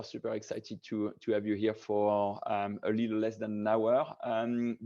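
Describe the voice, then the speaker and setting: A man's voice: medium pitch, darkish tone. Guy hosting a wine tasting over video call, lots of uhs and ums, muffled lo-fi sound. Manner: hesitant, many fillers and restarts. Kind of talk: casual hosted tasting talk. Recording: dull lo-fi video call audio.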